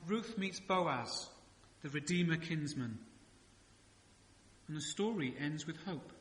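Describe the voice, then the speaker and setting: Slow and expressive, a man with a voice on the high side preaches a chatty, humorous sermon full of rhetorical questions. The church sanctuary gives the recording an echoey hall reverb.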